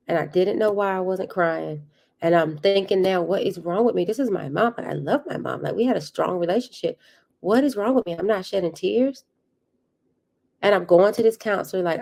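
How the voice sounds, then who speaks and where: A woman's voice: mid-range voice, a little fast, creaky, darkish tone. A woman hosting her own podcast, speaking in an earnest, reflective monologue and repeating key phrases for emphasis. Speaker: podcast host.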